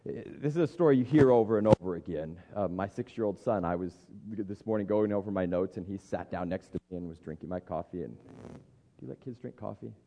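A man in his thirties gives a casual, conversational sermon as a pastor, often restarting his phrases as he thinks aloud. His voice sits low and mellow. The recording is dull and carries the long reverb of a large hall. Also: brisk.

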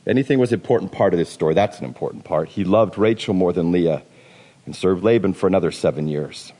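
Speaking in a lowish, somewhat mellow voice, a man gives a sermon as a pastor, keeping it light and jokey and occasionally using playful voices. Long hall reverb fills the recording.

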